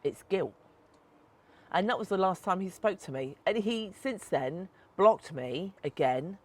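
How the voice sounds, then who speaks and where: Blunt, sweary woman telling a story. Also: on the low side. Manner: blunt, sweary, animated retelling. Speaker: podcast co-host and author. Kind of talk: casual chat, storytelling. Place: back garden outdoors.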